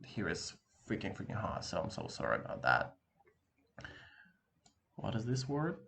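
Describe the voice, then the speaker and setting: A man teaching an online language lesson, lively and encouraging, talking casually with slang to his viewer from a room with an open window. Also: sits low, normal speed, creaky, slight background noise. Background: dog barking outside.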